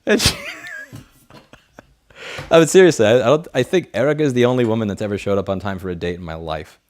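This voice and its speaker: A man's voice: fairly low pitch, quick pace. A man hosting a casual livestream, reading viewer messages and telling blunt, profane, rambling stories. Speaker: livestream host. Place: home studio desk. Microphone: studio headset mic.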